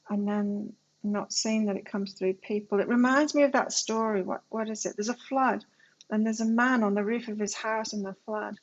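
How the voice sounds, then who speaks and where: A woman's voice: on the high side, dull audio. A woman giving a casual, chatty tarot reading to camera, musing aloud and telling stories. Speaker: tarot reader.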